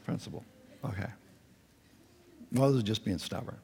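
A male pastor preaching a sermon, animated and acting out the quotes with a raised voice. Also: normal speed, noisy background. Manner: animated, acts out quotes with raised pitch and volume. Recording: long reverb in a large hall.

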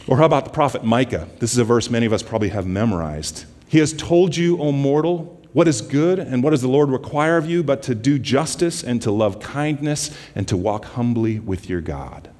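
A man giving a guest sermon in a church, mixing casual stories with slow, softly quoted scripture. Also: medium pitch, expressive, in a large hall. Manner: conversational, scripture quotes slowed and softened. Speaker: guest preacher from a justice ministry.

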